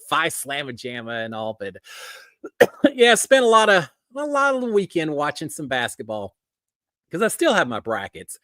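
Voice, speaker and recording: A man's voice: fairly high pitch, sharp tone, dry recording, studio quality. A middle-aged man with a Texan accent hosting a casual live stream, folksy and upbeat as he greets viewers by name. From Texas. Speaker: host of a live reality TV chat stream.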